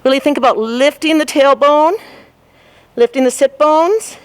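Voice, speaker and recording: A woman's voice: sits high, unhurried. A woman fitness instructor guiding a ball workout, cueing form and counting reps while she exercises along, a little out of breath.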